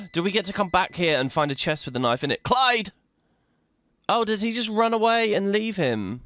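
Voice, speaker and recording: A man's voice: high voice, sing-song, a little fast, fairly bright tone, dry recording. A man hosting a video game playthrough, chatting away and thinking aloud as he plays, laughing often. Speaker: let's play host.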